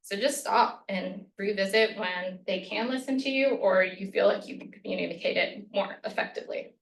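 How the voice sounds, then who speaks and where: A woman's voice: medium pitch, normal speed, creaky, slight background noise. A woman leading a workshop as a lunch-and-learn presentation, conversational, with frequent "right?" and "um", acting out sample phrases. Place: college meeting room. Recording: echoey room, voice a bit far from the mic.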